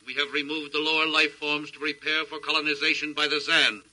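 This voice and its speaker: A man's voice: on the high side, flat delivery, fairly quick, sharp tone, rough recording. A man playing a cold, emotionless alien invader in an old radio drama, speaking in formal, clipped, machine-like statements.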